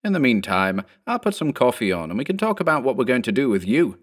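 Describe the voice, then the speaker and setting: A man voicing a calm, eerily reassuring male clone who talks casually and evenly. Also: mid-range voice, fast, pitched above the performer's own voice. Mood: calmly reassuring.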